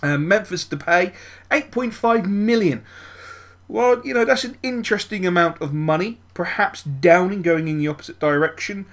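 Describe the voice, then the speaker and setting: A man commentating his own football video game, muttering over plans and then yelling and swearing at the match. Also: sits high, moderate pace. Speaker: gaming YouTuber. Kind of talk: let's-play commentary.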